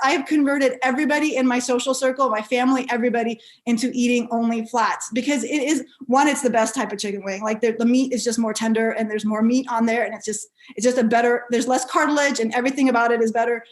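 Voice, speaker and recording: A woman giving a motivational keynote, telling personal stories with lively, animated delivery and frequent restarts. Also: a little high, quick pace, few pauses. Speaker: keynote speaker.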